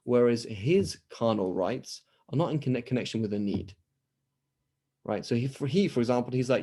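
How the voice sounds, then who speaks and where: A man's voice: medium pitch, moderate pace, warm tone. A man teaching an online lesson and answering questions in a conversational way, often acting out quoted dialogue. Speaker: Islamic studies teacher. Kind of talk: online lecture with Q&A. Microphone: video call.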